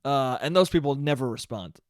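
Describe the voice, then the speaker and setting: A young man hosting a solo podcast, telling stories in a sarcastic, animated way and mocking people with quoted voices. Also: mid-range voice, a little fast, no room sound, studio quality. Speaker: podcast host. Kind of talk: solo comedic podcast rant.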